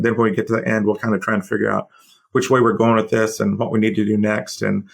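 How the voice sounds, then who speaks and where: A male podcast host with a low, gravelly voice talks loosely and rambles. His questions wander through many fillers and restarts before he gets to the point. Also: little pitch movement, fast. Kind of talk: conversational interview.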